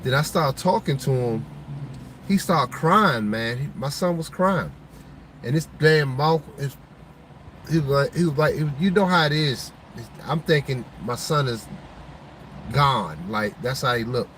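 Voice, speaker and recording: A man at an ordinary pitch tells his viewers a deeply personal story. His telling is emotional and heartfelt, full of pauses and restarts. A faint hum of vehicle noise sits behind his voice. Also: lively intonation, a bit bright, poor audio. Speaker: show host.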